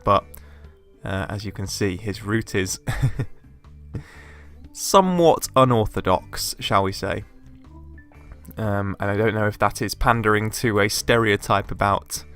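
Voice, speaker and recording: A man talking through a video game playthrough in an easy, chatty way. His fairly low voice is loose and peppered with fillers. Faint game music runs behind him. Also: fairly bright tone. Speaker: let's play host. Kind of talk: casual game commentary.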